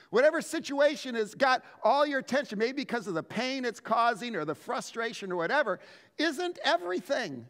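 High, animated male pastor preaching. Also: big-room sound. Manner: animated storytelling with frequent word restarts. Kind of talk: sermon.

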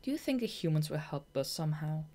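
A woman's voice: low voice, big pitch swings, fast talker, warm tone. A woman reading an audiobook, voicing a self-assured young female bat with a dry, teasing manner. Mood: thoughtful.

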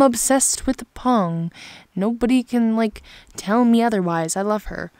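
A woman's voice: a little high, slow pace, a little mellow, no room sound. A woman hosting her own channel, chatting casually and gushing sentimentally about fan art, often sighing. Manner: gushing and sentimental, with frequent sighs. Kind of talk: casual chat.

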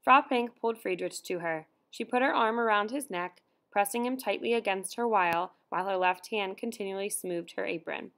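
Female audiobook narrator, steady and measured storytelling. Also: medium pitch. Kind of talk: scripted narration.

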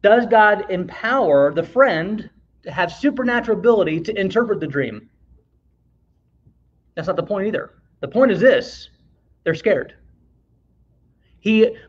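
A man with a high voice leads a Bible lesson in a relaxed, conversational way. He reads verses aloud, stops to ask the class questions, and adds the odd joke. The sound is dull and lo-fi.

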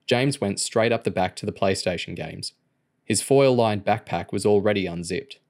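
A man narrating an audiobook in a steady, even storytelling manner. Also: lowish voice, normal speed. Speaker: audiobook reader.

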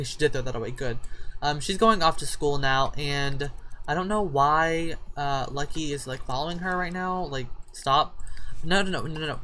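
Bright-voiced woman chatting over gameplay. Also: low voice, a little hiss or hum. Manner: chatty, talks to game characters like a scolding parent. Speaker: gaming YouTuber. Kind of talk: casual life-sim let's play commentary.

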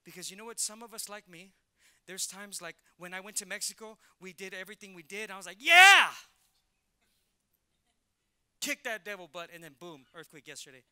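A middle-aged male pastor preaching a sermon in an animated way, acting out Bible characters in casual slang. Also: high voice, fast talker, clean tone.

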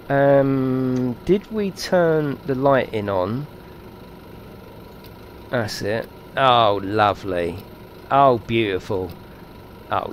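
A man giving excitable, chatty live commentary while streaming a game and talking to his viewers. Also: medium pitch, a little hiss or hum.

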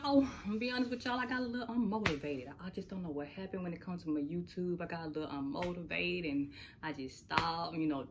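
A woman chatting casually to camera while unboxing packages, laughing often. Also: fairly low pitch. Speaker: unboxing vlogger. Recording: noisy home recording.

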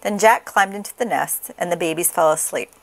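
A woman reading a children's picture book aloud in a slow, expressive sing-song. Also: fairly low pitch, gravelly. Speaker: storybook reader.

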